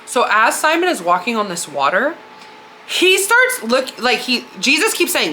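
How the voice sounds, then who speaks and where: A woman's voice: on the high side, sing-song, normal speed, pushed and bright, a little hiss or hum. A woman hosting a podcast, retelling a story in a candid, slangy, conversational way. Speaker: podcast host. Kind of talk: casual spiritual storytelling.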